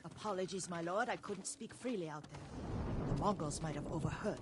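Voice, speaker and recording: A woman's voice: on the low side, normal speed, husky. An actress voicing a woman brewer in a video game, polite but blunt. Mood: wary. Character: blunt woman sake brewer, wary and sharp-tongued.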